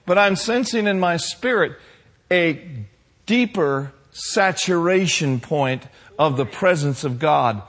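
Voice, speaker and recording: A man preaching a sermon to his congregation, building to shouted passages and calling for responses. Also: a little high, animated, slow. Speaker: pastor.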